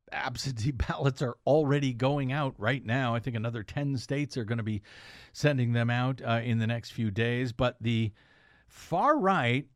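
A man delivering opinionated political news commentary with a sarcastic bite and a halting, filler-laden flow. His voice sits at an ordinary middle pitch for a man and is recorded dry and close, with almost no room sound. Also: dry recording.

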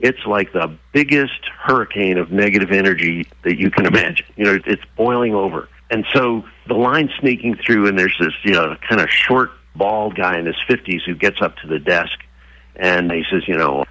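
A man's voice: low-pitched, a little fast, pushed and bright, no room sound. A man as an interview guest and horse trainer, explaining earnestly and acting out voices in his stories. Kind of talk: conversational interview. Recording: dull lo-fi sound.

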